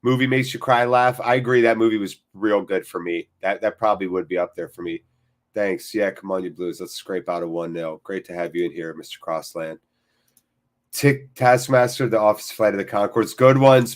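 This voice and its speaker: Speaking in a fairly low pitch, this watchalong host keeps things loose and playful with his viewers while the football plays, cursing without restraint. He reads out comments in casual live-stream fashion and keeps interrupting himself to react to what's happening in the game.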